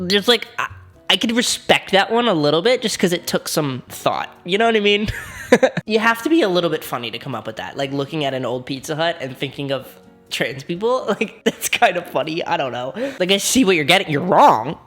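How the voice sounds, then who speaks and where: A young man talks through a casual reaction video and laughs a lot as he jokes along. His pitch swings widely and his delivery stays animated. Faint music plays underneath. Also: a little fast. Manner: laughs often, animated and joking. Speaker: vlog host.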